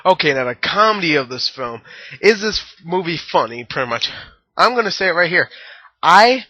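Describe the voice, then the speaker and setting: A man's voice: on the high side, expressive, brisk, sharp tone, no room sound. A young man giving a casual movie review, rambling with jokey, crude asides and lots of fillers. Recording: dry, dull lo-fi home recording.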